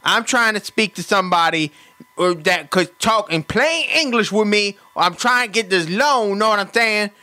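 A man voicing a hot-tempered, profane, streetwise caller on a prank phone call, loud and animated, swinging from rage to sweet talk. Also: sits high, normal speed, heavily acted. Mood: apologetic.

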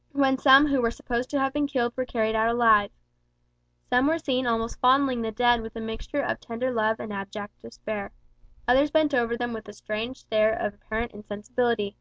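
A woman reads a novel aloud in a steady, measured manner. Her voice sits somewhat high. The recording is dry and a little dull. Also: dry recording. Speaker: audiobook reader. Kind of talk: scripted narration.

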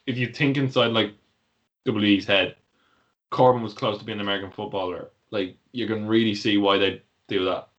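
A man's voice: on the low side, fairly even intonation, normal speed, a bit bright, highs cut off. A man co-hosting a casual wrestling podcast, rambling with lots of fillers and easy laughs. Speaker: podcast co-host.

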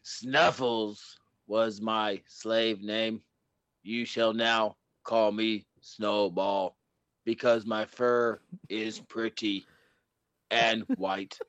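A man voicing an angry, vengeful male dog in a robotic rig, with a deep, robotic voice and slow, menacing questions. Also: level tone, fairly bright tone, dry recording, exaggerated voice. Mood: proud. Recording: dull lo-fi sound.

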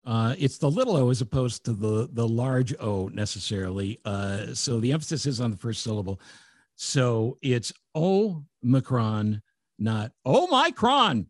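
Husky guy cohosting a podcast, jokey teasing chat, dry sound. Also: mid-range voice, normal speed, darkish tone, no room sound. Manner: joking, teasing banter. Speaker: podcast co-host. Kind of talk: casual chat.

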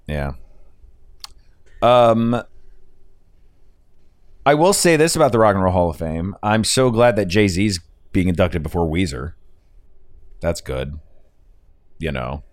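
A man's voice: deep voice, animated, slow pace, pauses often, no room sound. A man hosting a podcast, chatting casually, rambling and swearing and laughing at his own stories. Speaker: podcast host. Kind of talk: casual chat.

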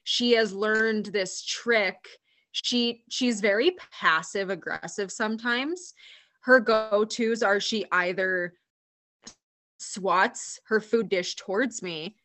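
A woman's voice: mid-range voice, fairly bright tone. A woman co-hosting a podcast in casual chat, easygoing and supportive with a wry touch. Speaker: podcast co-host.

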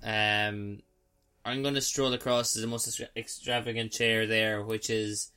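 Bright-voiced joking game player. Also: male voice, lowish voice, level tone, unhurried, clear, resonant tone. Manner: chatty, joking, in-character descriptions. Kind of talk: playing a tabletop game.

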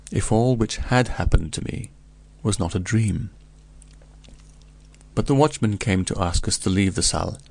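A man narrating a first-person story in a measured, grave reading. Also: sits low, vocal fry. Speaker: audiobook narrator.

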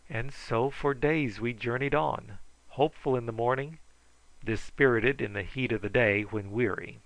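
Steady male audiobook narrator. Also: medium pitch, creaky, no echo, low-quality recording. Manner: steady, measured storytelling. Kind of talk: reading an adventure novel aloud.

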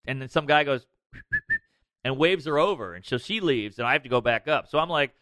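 A man's voice: medium pitch, brisk, no echo. A man, a comedian guest, telling a story in casual, profane podcast talk. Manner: animated, profane.

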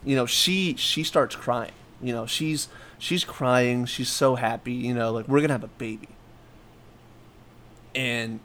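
A man's voice: mid-range voice, fairly bright tone. A man chatting casually as a podcast co-host, talking candidly in a rambling way with many fillers and restarts. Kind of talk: casual chat.

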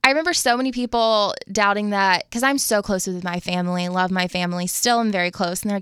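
Woman radio guest telling her testimony, earnest and reflective, smooth clear voice. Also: medium pitch, steady tone, fast talker, hardly any pauses, fairly bright tone, no echo, studio quality. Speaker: radio show guest, phone screener. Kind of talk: personal testimony in casual chat.

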